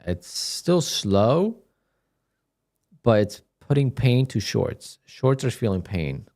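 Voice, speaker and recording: A man casually chatting on his live day-trading stream, relaxed and talkative, reading viewer questions aloud and answering them. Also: medium pitch, slow pace. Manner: laid-back, chatty, reads chat questions aloud.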